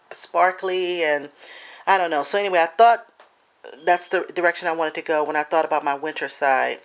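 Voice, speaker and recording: A chatty woman with a lowish voice walks through her handmade craft piece in a casual show-and-tell. She searches for words with lots of fillers and restarts, now and then apologizing. Her tone stays homey and unscripted. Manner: gets emotional and apologetic. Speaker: crafter showing a swap project.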